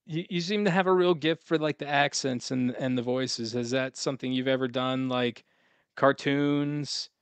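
A man hosting a podcast, asking halting questions full of fillers and restarts. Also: medium pitch, steady tone, smooth, no room sound. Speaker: podcast host. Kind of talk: interview questions.

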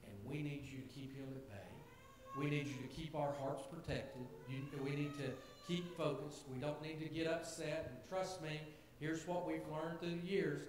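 A man's voice: on the high side, fairly even intonation, normal speed. A man preaching a sermon to his congregation in an earnest, conversational way, building to emphatic points. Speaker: pastor. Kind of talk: sermon to a church gathering. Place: church sanctuary. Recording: very echoey church hall, faint hiss.

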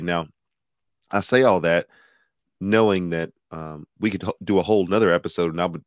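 Deep-voiced, measured male host. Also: dry recording, studio quality. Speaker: podcast host. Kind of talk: interview questions.

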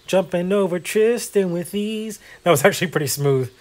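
A man's voice: sits high, expressive, normal speed. A man hosting a casual gameplay video, chatting in a rambling, self-deprecating way with lots of fillers. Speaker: gaming video host.

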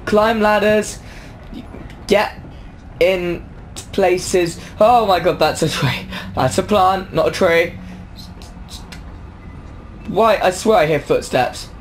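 A young man giving jumpy commentary on a horror game, with a high voice and slow pace. He yelps and argues with the characters on screen. Faint noise sits under his voice. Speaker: gaming YouTuber.

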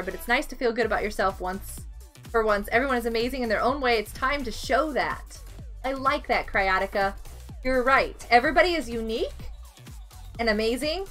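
A woman live streaming a game, excitable and giggly, chatting with her viewers. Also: fairly high pitch. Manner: excitable, giggly, talks to chat. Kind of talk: casual gaming live stream chat.

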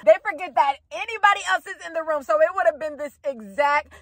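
A woman's voice: high voice, quick pace, fairly bright tone, no echo. A young woman giving a casual, gushing reaction to a TV episode, swearing freely and talking straight to her viewers.

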